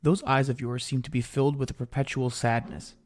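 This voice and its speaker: A man's voice: mid-range voice, little pitch movement, a little fast, close to an everyday voice. A man voicing a formal, precise traveller who questions a stranger in a story. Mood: probing.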